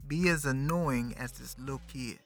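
A man's voice: mid-range voice, moderate pace, soft background music. A man in his thirties, a podcast host, talking about a movie in a casual, slangy way, often turning to the listener. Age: 30s. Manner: animated, slangy, talks to the listener. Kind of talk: casual movie review chat.

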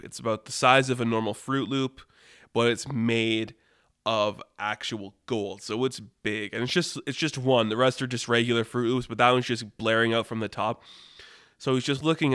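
Smooth-voiced man telling a rambling story. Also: mid-range voice, no room sound. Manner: rambling, animated, many "like" fillers. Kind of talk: casual improvised storytelling. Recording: dry close mic.

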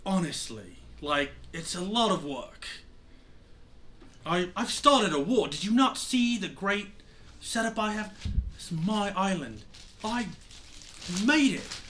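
A man doing a gruff, impatient pirate mentor. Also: high voice, sing-song, takes it slowly, long pauses, a bit bright, a little hiss or hum, voice pushed up, heavily acted. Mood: exasperated. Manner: blunt, scolding, calls others brat and child.

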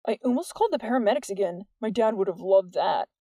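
A woman's voice: medium pitch, animated, quick pace, mellow, dry recording. A woman reading the part of an earnest, worried teenage boy in an audiobook, with urgent, anxious questions. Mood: dazed.

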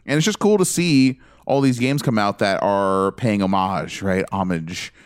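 A man's voice: fairly low pitch, measured pace, clean tone, no echo. A man co-hosting a casual podcast, talking in an emphatic, opinionated way. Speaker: podcast co-host. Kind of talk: casual chat.

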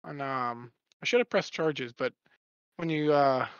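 A man's voice: mid-range voice, a little slow, clear, resonant tone, dry recording. A young man telling a story in a casual chat, rambling and swearing often. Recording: dull lo-fi recording.

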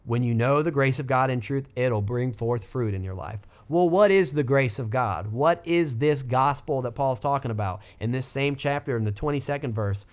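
A man's voice: normal speed, hardly any pauses. Fervent man preaching informally. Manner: fervent, exclaiming, lifts pitch when quoting scripture; rambling with restarts and asides. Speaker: podcast host teaching the Bible. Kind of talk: informal sermon.

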